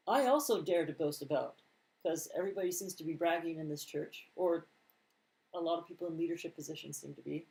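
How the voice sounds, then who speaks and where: A man's voice: fairly high pitch, a little fast, vocal fry, darkish tone, poor audio. A man reading scripture aloud and commenting on it in a casual, conversational Bible teaching, with mild sarcastic asides. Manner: reads scripture aloud, then comments plainly.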